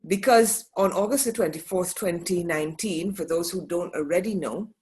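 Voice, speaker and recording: A woman's voice: fairly low pitch, moderate pace, a little mellow. Woman cohost on a podcast, emphatic, repeats stuff for weight, chatty. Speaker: podcast co-host. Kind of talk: casual podcast conversation.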